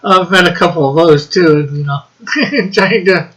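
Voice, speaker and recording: A man's voice: high-pitched, measured pace, a bit bright, rough recording. A man co-hosting a casual live stream, chatting and reading out viewer comments in a drawling way. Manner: reads out chat messages, drawling.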